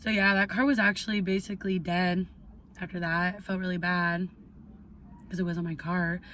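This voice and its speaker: A young adult woman telling a casual storytime on her vlog, animated, swearing freely and peppering her talk with "like". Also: lowish voice, normal speed, crowd noise. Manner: animated, heavy swearing, lots of "like". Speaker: vlogger.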